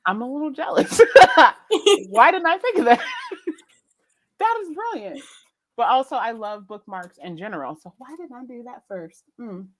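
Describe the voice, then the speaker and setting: A young woman hosting a casual live chat, animated and laughing often as she tells stories. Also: fairly high pitch, a little slow. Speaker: host.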